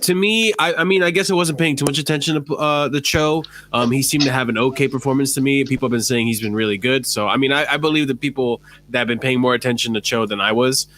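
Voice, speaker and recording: Man, casual football chat, bright tense voice, laughs a lot, swears freely. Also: mid-range voice, fairly even intonation, quick pace, few pauses, a little hiss or hum. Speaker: podcast co-host.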